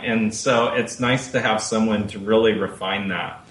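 A man's voice: fairly low pitch, steady tone, normal speed, few pauses, a bit bright. A man voice actor on an interview panel, speaking in an earnest, self-deprecating way and laughing easily. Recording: roomy room echo.

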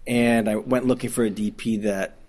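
A man with a Midwestern accent talks about making documentaries in a relaxed interview. His voice sits on the low side, and he rambles eagerly, circling back and restarting his sentences. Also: moderate pace, crowd noise. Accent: Midwestern American. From Detroit, Michigan. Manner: enthusiastic, rambling, frequent restarts and laughs. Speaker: documentary filmmaker. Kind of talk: casual interview conversation.

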